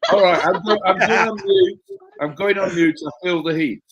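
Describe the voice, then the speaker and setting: A man's voice: high voice, fairly quick, husky, dull audio. A man on an online panel, insistent and repeating himself to make a point. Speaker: panel guest. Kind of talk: casual panel banter.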